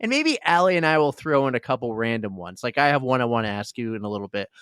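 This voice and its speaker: A man co-hosting a podcast in casual chat, playful and excitable with exclamations. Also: medium pitch, fast talker, smooth, dry recording, clean studio sound. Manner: playful, animated, says "dude" and "oh my God". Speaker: podcast co-host.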